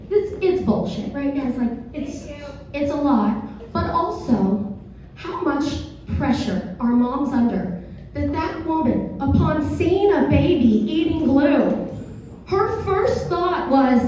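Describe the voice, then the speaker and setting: Hoarse woman doing stand-up in an echoey theater. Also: high voice, animated, slow pace, a little mellow. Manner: conversational, self-deprecating, chats with the crowd. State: hoarse, dry throat. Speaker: stand-up comedian. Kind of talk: stand-up comedy set. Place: theater stage. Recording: echoey theater, far from mic, dull.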